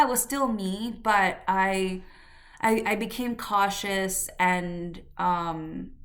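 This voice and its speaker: A woman's voice: lowish voice, fairly bright tone. A woman podcast host telling a personal story in a candid, reflective way, with fillers and restarts. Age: adult.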